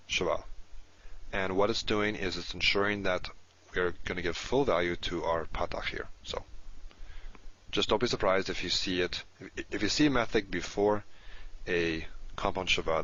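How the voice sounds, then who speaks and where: Low-voiced man giving a patient lesson. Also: fairly bright tone. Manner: patient, explanatory, repeats key terms. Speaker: Hebrew teacher. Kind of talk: recorded lecture. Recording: dull lo-fi recording.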